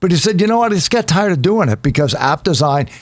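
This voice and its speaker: Chatty man, higher voice. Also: fast talker, no echo. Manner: chatty storyteller, jokey, animated. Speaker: radio show co-host. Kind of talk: casual chat.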